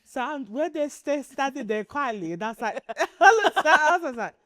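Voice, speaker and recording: A high-voiced woman, chatting on a podcast and recounting a story with lots of laughter. Her voice sounds close and dry, with no room sound around it. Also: moderate pace, no echo. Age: 30s. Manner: animated, laughs often while telling a story. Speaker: podcast co-host. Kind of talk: casual storytelling chat.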